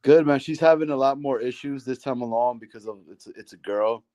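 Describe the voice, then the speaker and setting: A man's voice: medium pitch, brisk, warm tone, no echo. A young man, a guest on a casual live stream, chatting in an easygoing way. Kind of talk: casual chat.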